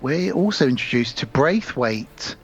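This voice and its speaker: A man's voice: mid-range voice, a little slow, breathy edge, muffled recording. A man co-hosting a podcast, casually retelling film scenes and acting out the lines. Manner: animated storyteller acting out lines. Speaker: podcast co-host.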